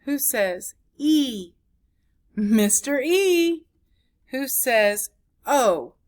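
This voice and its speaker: A woman teaching a recorded phonics lesson to young children, slowly stretching out and repeating each sound in a sing-song way. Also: on the high side, fairly bright tone. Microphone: camera recording at a desk.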